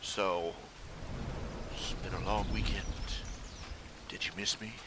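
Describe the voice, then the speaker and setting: Rambling low-voiced man streaming live from home. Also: steady tone, slow pace, background noise. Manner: rambling, hesitant, many fillers and restarts. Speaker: webcomic artist streaming live. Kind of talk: casual live-stream talk to viewers. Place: home room at his computer.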